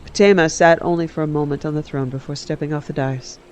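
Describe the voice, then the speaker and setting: A man casually reading a story aloud, relaxed and correcting his own slips. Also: a little high, quick pace, a little hiss or hum. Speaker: game streamer reading an in-game book. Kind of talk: casual read-aloud narration.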